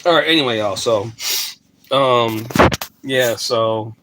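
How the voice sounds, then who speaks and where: A man talks casually to his phone camera at home, rambling and pausing to find his words. His voice sits in an ordinary middle register. A faint background hiss runs under the recording. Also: medium pitch. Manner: rambling, stops often to talk to his dog. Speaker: vlogger. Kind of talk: casual vlog talk to camera.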